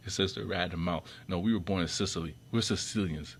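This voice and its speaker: A man's voice: steady tone, fast, few pauses, slight background noise. A man giving an off-the-cuff commentary monologue, rambling with many restarts and repeated words, his voice often jumping up sharply when irritated. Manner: irritated, sharp jumps up in pitch and loudness. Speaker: video commentator.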